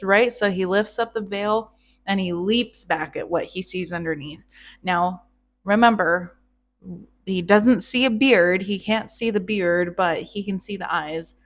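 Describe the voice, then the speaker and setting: Slow, chatty woman retelling a myth. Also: medium pitch. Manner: chatty, irreverent, swears, laughs at her own jokes. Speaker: storyteller host.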